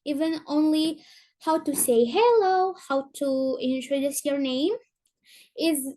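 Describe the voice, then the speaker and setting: A woman's voice: high-pitched, mellow. A young woman from Indonesia with a Sundanese accent, giving an informal presentation and searching for words as she speaks. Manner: halting, searching for words in English.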